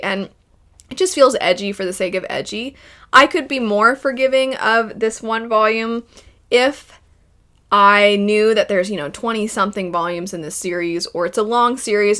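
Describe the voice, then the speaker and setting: A young woman chatting casually in a vlog, animated and laughing often as she gives her opinions. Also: medium pitch. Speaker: vlogger.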